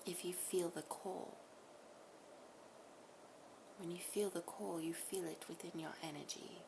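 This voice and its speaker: A woman's voice: on the low side, vocal fry, background noise. A woman channeling a tender, whispery spirit. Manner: slow, soft, often half-whispered affirmations. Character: loving collective spirit, genderless, calm and tender.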